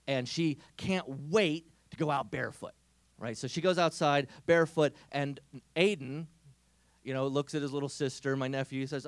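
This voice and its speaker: This is a man giving a comic storytelling talk to a youth audience. He is animated and slips into different voices for the people in his story. His voice is high and lively, and the recording is dry and close. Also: dry recording. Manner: animated, acts out characters' voices. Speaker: speaker at a Catholic youth event.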